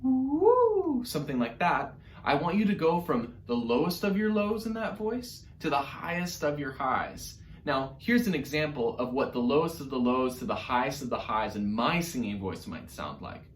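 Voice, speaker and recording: A man teaching an online music lesson to young children, upbeat and encouraging, sometimes demonstrating hoots and squeaky voices. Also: animated, moderate pace, hardly any pauses, echoey room, slight background noise.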